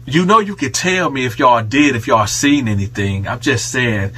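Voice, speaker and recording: A man's voice: medium pitch, expressive, moderate pace, bright, forceful tone, slightly rough, pitched below the performer's own voice. A man voicing a cautious inmate who asks hesitant, probing questions. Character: cautious inmate called she, probing and hushed.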